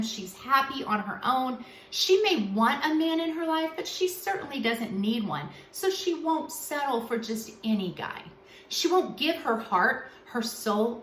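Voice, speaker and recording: A woman's voice: on the high side, fairly bright tone, echoey room. A woman relationship coach giving earnest, emphatic advice straight to camera in a vlog.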